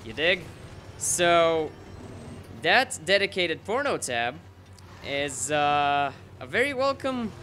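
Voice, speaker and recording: A young man giving live gameplay commentary, excitable and rambling, swearing freely and poking fun at himself. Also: a little high, slight background noise. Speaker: gaming channel host.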